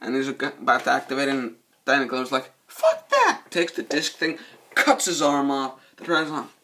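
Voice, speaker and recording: A man's voice: medium pitch, fairly quick, slight background noise. A man doing a casual, rambling movie review, cursing a lot and losing his train of thought. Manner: profane, excitable, loses his train of thought.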